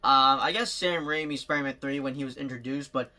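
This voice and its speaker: A young man vlogging at home into his phone, rambling excitedly about movies with frequent laughs. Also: mid-range voice, a little fast. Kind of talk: casual movie vlog chat.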